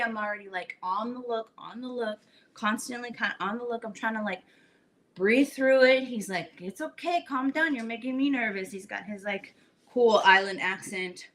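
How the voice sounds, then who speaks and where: Bright-voiced chatty woman telling a story. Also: mid-range voice, normal speed. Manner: animated, chatty, lots of "like". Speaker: cooking show host.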